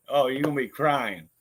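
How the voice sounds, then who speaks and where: A man's voice: medium pitch, fairly bright tone. A man vlogging in casual chat, rambling, swearing freely and laughing often. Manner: profane, laughs a lot, rambling.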